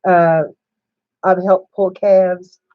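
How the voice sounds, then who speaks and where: Speaking very slowly in a low-ish voice with little pitch movement and a clean tone, an older woman hosts a casual livestream from a home room with a sewing setup. She tells stories, laughs a lot, and greets newcomers mid-story. The audio is phone-quality with no room sound.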